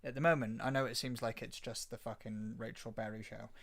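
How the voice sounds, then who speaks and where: A man co-hosting a casual podcast, rambling warmly through his opinions with plenty of "um" and "like". He often slips into quick impressions of lines he is quoting. His pitch sits in an ordinary middle range. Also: fairly even intonation, gravelly. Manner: chatty, lots of fillers, acts out lines from the show. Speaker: podcast co-host. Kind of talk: casual chat about a TV show.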